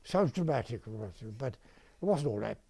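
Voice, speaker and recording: A man, reminiscing in a rambling, halting way with frequent restarts and throat clearing. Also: mid-range voice, expressive, warm tone. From Wales. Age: 90s. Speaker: interviewee, retired dentist. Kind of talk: reminiscing storytelling.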